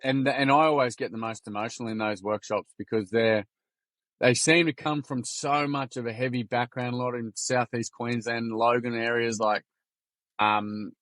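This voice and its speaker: A young Australian man tells stories in a podcast interview, full of casual slang and quick re-enactments. His voice sits mid-range and dry, with little room sound. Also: mid-range voice, no echo. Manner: animated, slangy, acts out quotes. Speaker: podcast guest, workshop founder.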